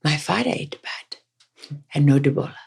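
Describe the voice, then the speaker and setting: A woman putting on a doubtful Liberian grave digger with a pidgin English accent, questioning slowly in broken English. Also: a little high, expressive, creaky, breathy edge, full character voice.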